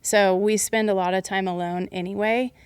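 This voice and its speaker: A woman's voice: mid-range voice, steady tone, moderate pace, clear, resonant tone, dry recording. A woman guest in a podcast chat, plain-spoken and agreeable. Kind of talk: casual chat.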